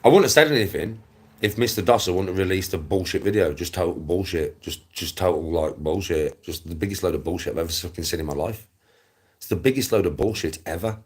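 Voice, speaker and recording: The Smethwick channel host goes on with his casual, sweary rant in a Black Country accent, circling back over the same points and laughing now and then. His voice sits low with a darkish tone, comes out a little fast, and sounds slightly rough.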